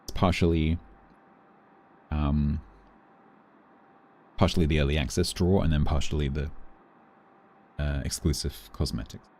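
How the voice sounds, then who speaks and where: Low-voiced man streaming a game. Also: steady tone, measured pace, long pauses, darkish tone, slight background noise. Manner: chatty, muttering, playful sound effects. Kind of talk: live gameplay commentary.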